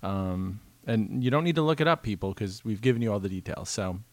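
A man's voice: on the low side, a little fast, no room sound. A man co-hosting a podcast in casual, joking chat, rambling into tangents. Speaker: podcast co-host.

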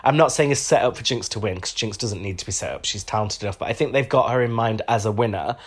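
A man's voice: lowish voice, fast, breathy edge. A man co-hosting a podcast, chatting casually and giving his opinions with plenty of fillers. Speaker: podcast co-host. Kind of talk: casual chat.

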